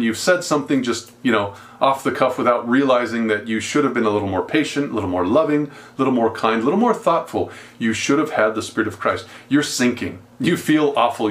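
A man's voice: medium pitch, a bit bright. A male pastor teaching a Bible passage, acting out its characters as he tells the story.

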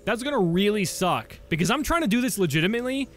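A young man giving excitable gameplay commentary as a let's play host, bursting into surprised shouts and swearing freely. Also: high voice, fast, faint music behind.

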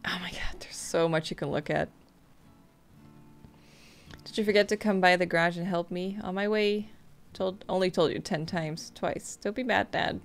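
A woman playing a video game, reading the on-screen text messages aloud in a flat, quick way between casual comments. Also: on the low side, soft background music. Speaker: gameplay streamer. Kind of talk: casual let's-play commentary.

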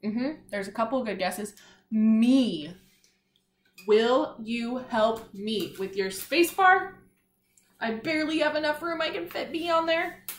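A woman teaches young children in a slow, deliberate way, spelling words letter by letter and praising each answer. Her voice carries a roomy echo, as if she is recording in a bare classroom. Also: fairly high pitch, animated. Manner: patient, encouraging, sounds out letters. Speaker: kindergarten teacher.

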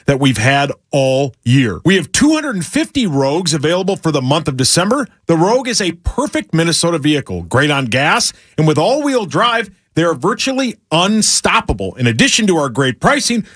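Folksy male dealership pitchman, lively pitch, dry close mic. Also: a little fast, hardly any pauses, breathy edge, no room sound. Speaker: car dealership owner in radio ad. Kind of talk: scripted radio ad.

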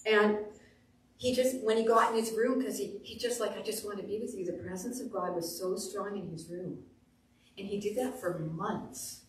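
A woman pastor preaching a sermon, telling stories with animated delivery and acting out quotes. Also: mid-range voice, moderate pace, far from the mic. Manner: animated storytelling, acts out quotes. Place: church sanctuary. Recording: echoey room, voice off the mic.

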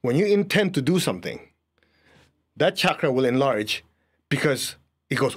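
A man's voice: mid-range voice, animated, moderate pace, breathy edge. A man teaching an energy healing class, leading a live audience through a guided exercise. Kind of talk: guided group lesson.

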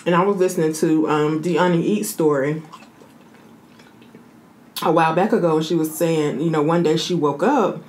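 A relaxed woman with a drawl talks to her viewers between bites, chatty and easygoing. Her voice sits a little low. Faint room ambience hums behind her close mic. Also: moderate pace, long pauses, slight background noise. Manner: chatty, addresses viewers as y'all. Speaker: mukbang vlogger. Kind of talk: casual eating vlog chat.

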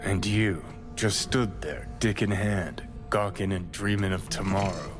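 A man's voice: deep voice, measured pace, over music. An actor playing a brash, angry male rocker in a video game, profane and combative. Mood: contemptuous.

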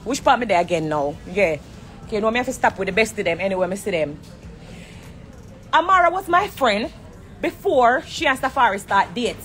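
A woman's voice: a little high, big pitch swings, brisk, a bit bright, soft background music. A woman with a Jamaican accent, ranting heatedly on a live stream from a corner of an airport. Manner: heated and confrontational.

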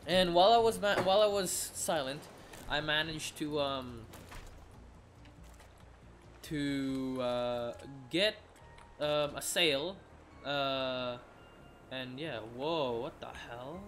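A man's voice: fairly high pitch, slow, long pauses, a bit bright, a little hiss or hum. A tired man giving rambling gameplay commentary, often restarting his sentences and swearing casually. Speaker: gamer.

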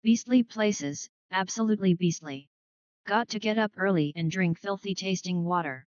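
A woman voicing a gruff, clipped older retired colonel in a dry, dull recording. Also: mid-range voice, moderate pace, a little mellow, dry recording, natural voice. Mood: grumbling.

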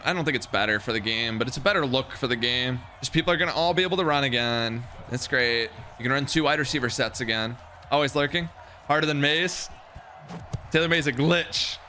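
Young man streaming, bright excitable voice. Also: a little high, a little hiss or hum. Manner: excitable, yelling in frustration, chatting with stream viewers. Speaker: gaming streamer. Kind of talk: live game commentary while playing.

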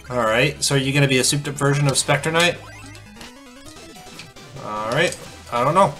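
Bright, playful man commenting on gameplay. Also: medium pitch, lively intonation, brisk, pauses often, soft background music. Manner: playful, chatty, reacts aloud. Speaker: let's play host.

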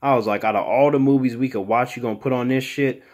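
A man's voice: medium pitch, fairly even intonation, fast talker, darkish tone, close to an everyday voice. A man playing a swaggering, crude male mutant monster who calls people "human", telling a comedic story in the third person. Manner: boastful, profane, talks about himself in third person. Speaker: channel host.

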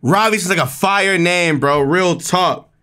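Excitable young man playing a game. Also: measured pace, smooth. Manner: loud, excitable, slangy, jumps up in pitch when reacting. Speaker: gaming video creator. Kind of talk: excited let's-play commentary.

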